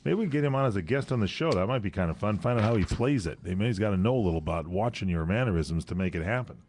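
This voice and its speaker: A man co-hosting a radio talk show, chatting casually and throwing in quick teasing quips. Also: lowish voice, expressive, darkish tone, a little hiss or hum. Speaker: radio co-host.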